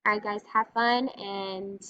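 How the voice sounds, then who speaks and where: This recorded classroom reading lesson features a woman teacher whose medium-pitched voice is steady, unhurried, and fairly bright. She explains patiently, step by step, in an encouraging way. The lo-fi recording is slightly dull with faint noise.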